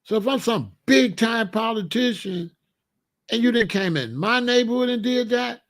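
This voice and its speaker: A man's voice: extremely high pitch, moderate pace. A man giving casual, slangy commentary, often acting out the people he talks about. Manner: animated, slangy, acts out quoted voices.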